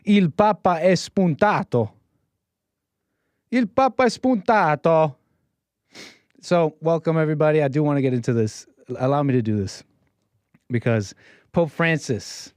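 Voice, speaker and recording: A man's voice: on the high side, darkish tone, no echo. A man hosting a call-in livestream show, talking in a brash, rambling way with playful catchphrases. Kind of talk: casual livestream monologue.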